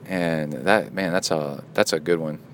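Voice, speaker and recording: A man's voice: very deep voice, steady tone, a little slow, a little hiss or hum. A man hosting a casual podcast, joking and goofing around as he reads out donations. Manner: playful, joking, goofy asides. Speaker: podcast host.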